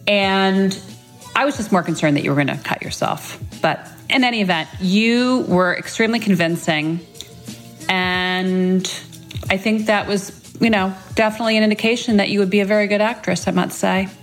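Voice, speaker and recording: A woman's voice: mid-range voice, moderate pace, soft background music. A middle-aged woman, a mother, reading a fond birthday tribute and telling a tender family story. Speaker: mother leaving a birthday message. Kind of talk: read-aloud birthday tribute.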